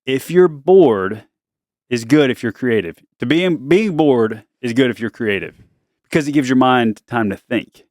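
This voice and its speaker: A man's voice: medium pitch, lively intonation, measured pace, a little mellow, dry recording. A man hosting a casual family podcast, playful and teasing, speaking close to a podcast microphone. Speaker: podcast host and dad.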